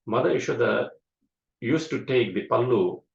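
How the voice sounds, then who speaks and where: A man teaching a scripture class, explaining slowly with many fillers. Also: medium pitch, expressive, gravelly. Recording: echoey room, dull lo-fi sound.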